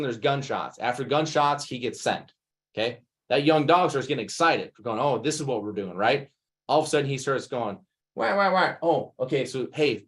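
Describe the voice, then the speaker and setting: A man, a retriever dog trainer answering questions in an animated way, acting out scenes as he goes. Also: medium pitch. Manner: animated, acts out scenes in quick bursts. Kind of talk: masterclass Q&A answer.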